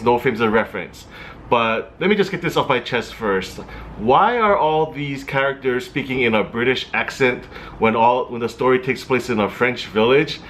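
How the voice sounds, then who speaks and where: A man's voice: medium pitch, fairly bright tone, slight background noise. A man giving a casual movie review, chatty and a little hesitant, with fillers and restarts.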